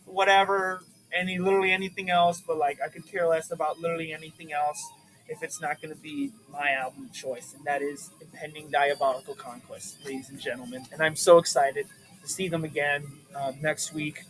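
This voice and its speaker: Vlog host, young man, high-pitched, hyped and swearing, faint music behind. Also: a little fast, rough recording. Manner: excitable and profane, with bursts of shouting. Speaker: vlogger showing his record collection. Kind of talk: casual chat.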